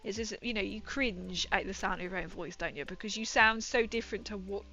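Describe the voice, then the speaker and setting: A woman's voice: medium pitch, fairly quick, pushed and bright. A young woman chatting casually on her livestream, giggling often and dropping her consonants. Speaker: streamer. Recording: muffled stream audio with faint music.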